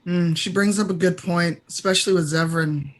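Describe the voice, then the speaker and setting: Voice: mid-range voice, steady tone, moderate pace. A game master narrating a tabletop role-playing game in a casual, rambling way, full of fillers.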